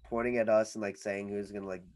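A young man with a somewhat low voice tells a story on a casual podcast. He rambles and fills his sentences with "like" as he goes. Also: little pitch movement, fast talker, a little mellow. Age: young adult. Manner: rambling storyteller, heavy use of "like". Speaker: podcast co-host. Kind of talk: casual chat.

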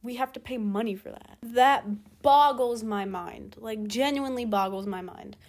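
A woman's voice: fairly high pitch, moderate pace. A teenage girl talking alone in a casual monologue, ranting and exasperated, firing off rhetorical questions and swearing. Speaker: podcast host.

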